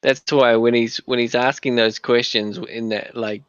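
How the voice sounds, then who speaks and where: A man's voice: mid-range voice, steady tone, moderate pace, a bit bright, clean tone, dry recording, highs cut off. A man chatting casually on an online voice call, laughing along with the others.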